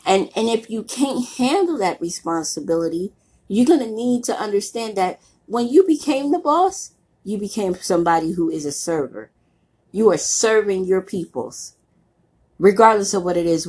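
A woman's voice: mid-range voice, a little mellow, slightly rough. A middle-aged woman with a cold giving a blunt, casual motivational talk, preaching in everyday slang. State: voice roughened by a cold. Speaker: motivational speaker.

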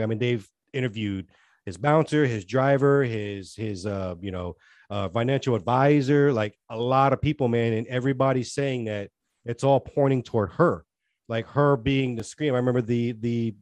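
A man's voice: mid-range voice, darkish tone, no echo. Earnest rambling male podcast co-host. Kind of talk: casual chat.

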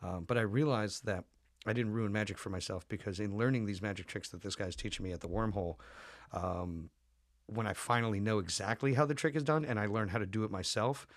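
A man's voice: on the low side, brisk, no echo. A young man telling loose, profane stories in a casual podcast chat, full of "um" and "like". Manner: loose, profane storytelling with lots of fillers.

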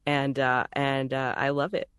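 A woman's voice: extremely low pitch, level tone, unhurried, a bit bright, clean tone, no room sound, clean studio sound. A woman from Texas with a Texan accent, a voice actor talking in a casual, chatty and easygoing way. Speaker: voice actor guest. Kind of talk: casual conversation.

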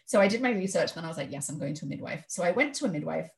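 A woman's voice: deep voice, animated, very fast, gravelly. A woman guest on a podcast, telling her own story in casual chat and animatedly acting out the people she quotes.

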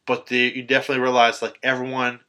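A young man recaps a film in a loose, rambling way, full of fillers and swearing. His tone is bright and forward. He sounds like he is chatting casually with a friend. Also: medium pitch, completely flat delivery, fast talker. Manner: rambling, profane, many fillers.

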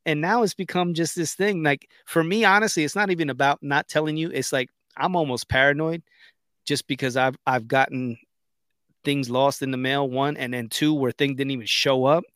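Animated man in casual chat. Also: on the high side, normal speed, no room sound, clean studio sound. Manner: animated storyteller, acts out quotes. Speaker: podcast co-host.

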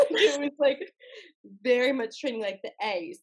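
A woman's voice: high-pitched, big pitch swings, a little slow, breathy edge. A woman co-hosting a casual chat, playful and giggly, who pokes fun at herself. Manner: playful, giggly, self-mocking. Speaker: co-host.

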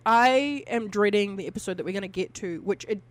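A woman's voice: medium pitch, brisk, no room sound. A woman co-hosting a casual podcast, rambling, swearing freely and using lots of fillers. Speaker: podcast co-host.

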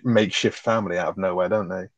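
A man co-hosting a casual film review podcast, blunt and profane with quick asides. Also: low-pitched, steady tone, dry recording. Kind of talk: casual sweary film chat. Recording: dry, dull lo-fi sound.

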